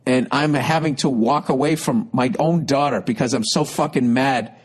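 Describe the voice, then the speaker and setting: A man's voice: medium pitch, normal speed. A man in his fifties, a podcast host telling a comic story in an exasperated, profane rant. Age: 50s.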